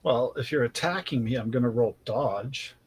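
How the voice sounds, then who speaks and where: A man's voice: mid-range voice, moderate pace, slightly rough. A man playing a tabletop horror game, laid-back and matter-of-fact. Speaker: player. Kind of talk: tabletop role-play.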